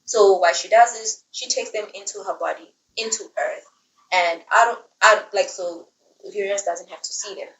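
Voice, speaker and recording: A woman's voice: mid-range voice, normal speed, a bit bright, roomy sound, recorded from a distance, lo-fi sound. A young woman telling a casual story recap, chatty and digressive, with dramatic asides. The voice sits in a room, set back from the mic. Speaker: book reviewer.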